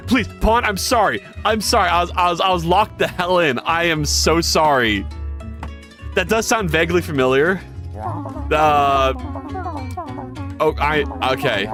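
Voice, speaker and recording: A game developer chatting casually on a livestream, excitable and self-deprecating, who swears freely and greets viewers by name. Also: medium pitch, a little slow, long pauses, music in the background.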